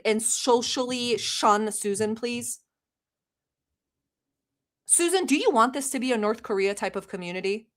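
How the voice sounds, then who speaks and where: A woman's voice: fairly high pitch, measured pace, long pauses. Brash sarcastic woman streamer. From Middle East. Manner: brash, sarcastic, mock-yelling at chat. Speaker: livestream host. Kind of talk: casual livestream commentary.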